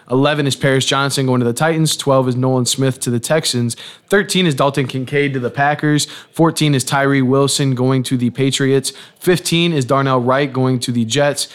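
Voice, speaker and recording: A young man hosting a casual sports podcast from a booth, relaxed and rattling through a long list in a steady patter. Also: mid-range voice. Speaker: podcast host.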